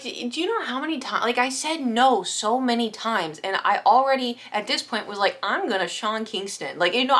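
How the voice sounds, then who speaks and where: A woman's voice: mid-range voice, fairly bright tone. A young adult woman telling a storytime vlog in a rambling, anxious, self-deprecating way, with many restarts. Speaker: vlogger. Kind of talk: casual storytime monologue.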